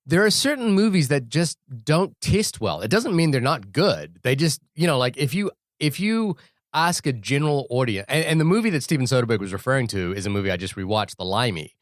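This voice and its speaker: A man's voice: medium pitch, big pitch swings, brisk, dry recording, studio quality. A man co-hosting a movie podcast, talking casually with many restarts and digressions. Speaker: podcast co-host. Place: podcast studio.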